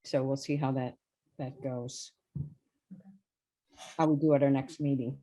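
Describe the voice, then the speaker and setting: A woman with a low voice chairs a committee meeting over a video call. She talks hesitantly, with fillers and restarts. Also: flat delivery, unhurried, warm tone. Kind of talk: online meeting talk.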